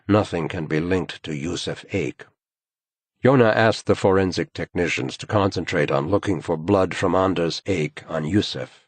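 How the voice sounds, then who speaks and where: A man reading a crime thriller audiobook in measured, grave scripted narration. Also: sits low, dry recording.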